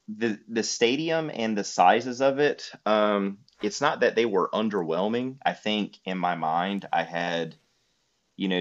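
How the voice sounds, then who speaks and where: A man's voice: low voice, highs cut off. A man telling a trip story in casual conversation, rambling with many fillers. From United States.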